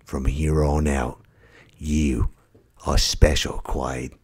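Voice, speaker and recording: A man imitating a grown male celebrity, low voice, hushed, sincere, deliberate. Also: little pitch movement, husky, full character voice. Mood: earnest. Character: adult male movie star, soothing and earnest.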